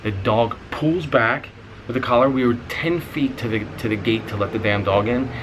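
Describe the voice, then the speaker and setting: Young man, casual vlog storytelling, animated, mid-pitched voice, faint hiss behind. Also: moderate pace. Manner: animated, rising in pitch when excited; swears casually. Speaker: vlogger.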